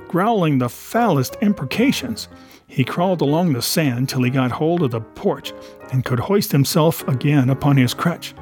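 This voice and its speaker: A man narrating a classic adventure novel in a measured storytelling voice. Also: on the high side, lively intonation, darkish tone, soft background music. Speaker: audiobook narrator.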